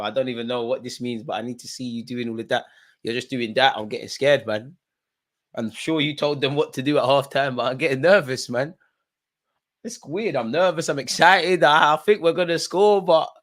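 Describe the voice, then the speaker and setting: A young man, streaming a live football watchalong, shifting between nervous muttering and loud outbursts at the referee. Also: medium pitch. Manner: animated, swings from muttering to shouting at the ref. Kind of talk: live match reaction commentary.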